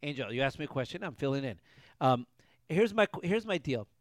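A man's voice: mid-range voice, sing-song, a little fast, dry recording, studio quality. A man co-hosting a casual podcast from a garage, talking in long rambling stretches full of restarts. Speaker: podcast co-host. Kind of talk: casual banter.

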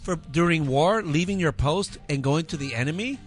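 A man's voice: fairly high pitch, expressive, moderate pace. A man co-hosting a casual talk show, earnest and explanatory, laughing along with the others. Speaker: co-host. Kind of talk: casual chat.

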